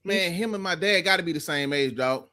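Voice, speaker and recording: A man's voice: sits high, fairly quick, a loud crowd. A man co-hosting a casual podcast, teasing and full of slangy banter.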